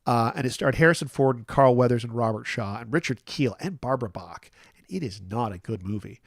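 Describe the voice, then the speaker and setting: Casting note: a man near fifty, solo stream host, medium pitch, rambling and self-deprecating, dry close sound. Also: animated, a little fast, gravelly, no echo. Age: 40s. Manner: rambling, self-deprecating, many restarts and fillers. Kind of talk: casual live-stream chat.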